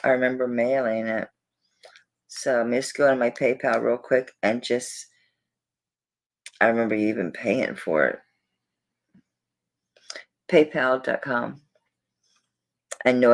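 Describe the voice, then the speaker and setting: A woman's voice: a bass voice, measured pace, pauses often. A woman selling jewelry on a live stream, chatting to viewers in a flustered, rambling way while she searches through orders.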